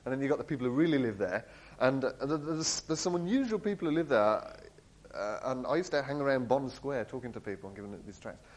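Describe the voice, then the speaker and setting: Animated man telling a story. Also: medium pitch, quick pace, poor audio. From England. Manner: animated, laughs often, acts out quoted voices. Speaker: speaker sharing a personal testimony. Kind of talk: storytelling talk.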